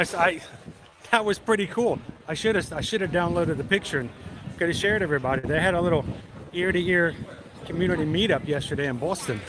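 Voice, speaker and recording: A fairly high-voiced man hosts a casual livestream outdoors, reading viewers' names and hometowns in a chatty, welcoming way. Steady park noise sits clearly behind his voice. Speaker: livestream host. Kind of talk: casual live stream chat.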